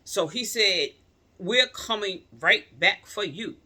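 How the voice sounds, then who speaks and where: A woman casually telling her viewers a personal story in slangy speech, swinging from loud outrage to quiet pleading. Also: mid-range voice, expressive, slow pace. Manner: slangy, addresses viewers as y'all.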